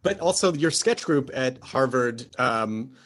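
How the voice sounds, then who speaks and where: A man's voice: medium pitch, animated, unhurried, a bit bright. A man interviewing a guest, mostly giving short prompts and listening noises. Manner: brief prompts and backchannels. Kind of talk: casual interview.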